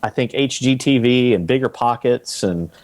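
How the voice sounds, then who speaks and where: A man as a podcast guest, explaining rental investing in a relaxed way with examples and acted-out quotes. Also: medium pitch, normal speed. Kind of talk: casual interview talk.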